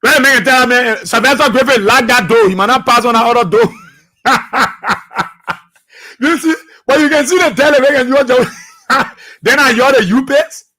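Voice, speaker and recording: Liberian guy on talk radio, preachy and fired up, real high bright voice. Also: moderate pace. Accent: Liberian English. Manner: impassioned, preachy, repeats phrases, shouts at times. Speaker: radio talk show host. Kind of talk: fiery political radio commentary.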